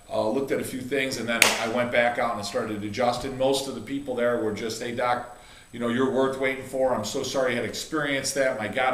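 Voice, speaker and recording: A middle-aged chiropractor and coach tells a heartfelt story in a casual video, rambling with lots of restarts and fillers. His medium-pitched voice is bright and forceful, and the sound is reverberant.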